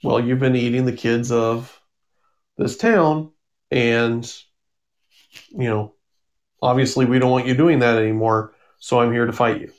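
A man voicing a gruff wandering hillbilly with a blunt, matter-of-fact delivery. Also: mid-range voice, fairly even intonation, a little slow, pauses often, close to an everyday voice.

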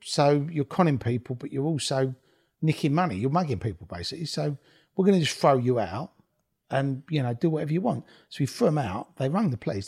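Vocal fry runs through his mid-range voice, which is darkish and edged with breath. The guest, who used to promote raves, recounts blunt, expletive-filled stories in a casual interview, chuckling as he talks.

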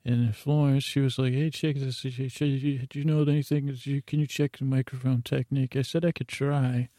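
A man hosting a bedtime podcast, telling a meandering, drowsy run of offbeat listener shout-outs. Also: mid-range voice, flat delivery, moderate pace, no echo. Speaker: podcast host. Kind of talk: rambling bedtime podcast storytelling.

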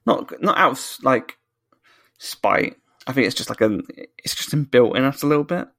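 A man's voice: medium pitch, animated, normal speed, gravelly, fairly bright tone, dry recording. A British man co-hosting a podcast, ranting in casual chat with lots of swearing and restarts. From United Kingdom. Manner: ranting, sweary, self-correcting. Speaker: podcast co-host.

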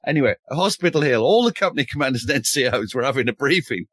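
A man from the north of England, a military historian telling war stories as a podcast guest in a wry, animated way, swearing casually and restarting often. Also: a little high, fast, few pauses, dry recording. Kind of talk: enthusiastic podcast storytelling.

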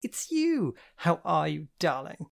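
A woman's voice: deep voice, animated, a little fast, a little mellow, voice pushed up. A woman voicing a bubbly, theatrical woman friend who teases and takes charge, in a storybook reading. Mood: teasing. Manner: teasing, theatrical, gleeful. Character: bubbly flamboyant woman friend, teasing counsellor.

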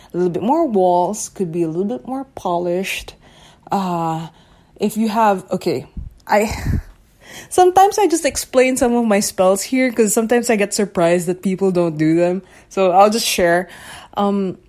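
Mellow-voiced woman musing on a podcast. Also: mid-range voice. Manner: musing, searching for words, often asks if listener follows. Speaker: podcast host. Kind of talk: casual solo podcast talk.

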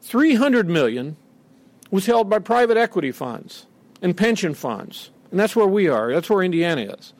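Indignant high-voiced man. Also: sing-song, moderate pace, darkish tone, dry recording. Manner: emphatic, indignant, dramatic quoting. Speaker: speaker at a podium. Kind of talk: public speech.

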